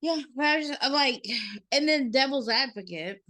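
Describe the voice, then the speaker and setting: A podcast co-host, this woman tells stories in a casual chat, animated and bright, acting out quotes and swearing freely. Her voice sits high and moves at a normal speed.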